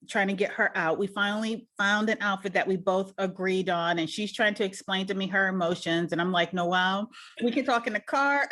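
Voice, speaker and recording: A woman in casual conversation, telling a lively story and acting out the people in it. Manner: animated, acts out quotes in higher voice. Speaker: podcast guest.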